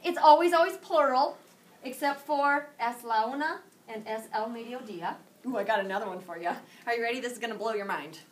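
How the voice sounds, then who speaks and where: A woman Spanish teacher giving a playful, animated classroom lesson, quizzing her students. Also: on the high side, a little fast. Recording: distant classroom camera with faint noise.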